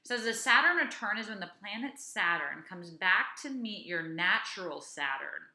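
A woman's voice: mid-range voice, expressive, normal speed, pushed and bright, echoey room. A woman in her thirties co-hosting a casual chat, talking things through and reading aloud from a website. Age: 30s. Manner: chatty, reads aloud from a website. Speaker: podcast co-host.

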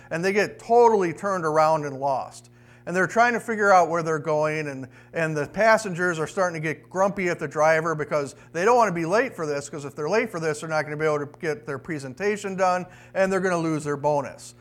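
Male pastor, high voice, conversational sermon storytelling. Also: a bit bright. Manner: conversational, asks rhetorical questions.

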